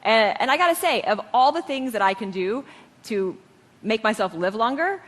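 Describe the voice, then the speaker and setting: A woman's voice: on the high side, animated, moderate pace, fairly bright tone, long reverb tail. A woman physician explaining medical procedures matter-of-factly in a stage talk.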